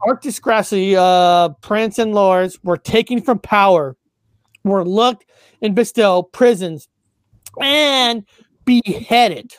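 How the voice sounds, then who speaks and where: A man's voice: sits high, takes it slowly, clean tone, no echo, studio quality. A man co-hosting a casual chat, reading passages aloud, stumbling over words and swearing offhand.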